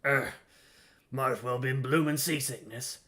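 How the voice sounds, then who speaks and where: A man voicing a chatty male ship peddler in a gruff, grizzled voice, reading game dialogue aloud. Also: medium pitch, measured pace, fairly bright tone, close to an everyday voice. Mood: folksy. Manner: folksy and rambling, calls listener lad.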